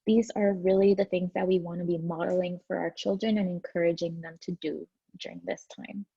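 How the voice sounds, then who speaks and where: A woman's voice: lowish voice, fairly even intonation, fairly quick, vocal fry, dark tone, breathy edge, dull audio. A woman therapist giving an informal, earnest talk with many fillers and restarts.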